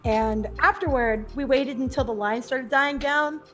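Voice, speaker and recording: A young woman, a podcast guest, telling stories in a casual chat, giggling often and acting out what people said in a brighter voice. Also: measured pace, faint music behind. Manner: bubbly, giggly, acts out quotes in a higher voice.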